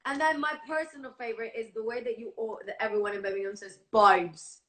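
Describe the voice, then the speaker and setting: A woman's voice: on the high side, quick pace. An American woman hosting a livestream video chat, enthusiastic and laughing often. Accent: American English. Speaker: host. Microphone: phone on a live video call.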